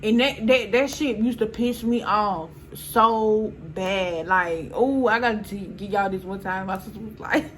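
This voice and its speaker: A young woman, telling a storytime in a casual, animated way, swearing and often quoting people. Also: mid-range voice, slight background noise. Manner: animated, swearing, laughs often, quotes people in quick bursts. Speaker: storyteller vlogger.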